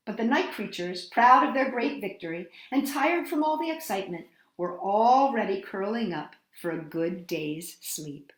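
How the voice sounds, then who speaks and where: Animated woman reading to kids. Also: mid-range voice, normal speed, few pauses. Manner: animated and expressive. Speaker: storytime host. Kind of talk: reading a picture book aloud to children. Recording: echoey room.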